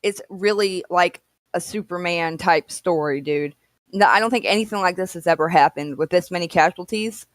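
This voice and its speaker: Woman, hesitant, halting, medium pitch, dry close mic. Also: dry recording. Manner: hesitant, halting, many fillers. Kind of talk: casual livestream chat.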